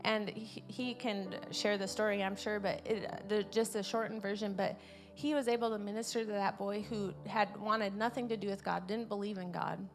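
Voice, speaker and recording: A woman preaching an informal sermon at a church service, earnest and repeating her key words, swelling louder on her main points. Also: mid-range voice, flat delivery, normal speed, music in the background.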